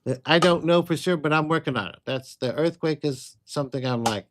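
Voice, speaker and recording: A man with a slightly high voice hosts a relaxed livestream. He rambles and chats as he takes viewers' questions one by one. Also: moderate pace, few pauses, a little hiss or hum. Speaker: psychic livestream host. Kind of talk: casual livestream Q&A.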